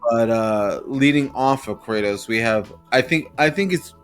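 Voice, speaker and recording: A man in a casual podcast conversation, talking fast and animated with plenty of slang. His voice sits at an ordinary middle pitch. Faint music plays underneath. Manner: animated, quick, slangy storytelling. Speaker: podcast co-host. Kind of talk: casual chat about games.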